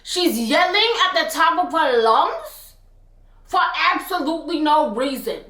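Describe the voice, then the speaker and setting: Bright, animated young woman. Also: sits high, measured pace. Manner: animated, expressive, slangy retelling. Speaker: storytime vlogger. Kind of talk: casual storytime. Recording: roomy echo.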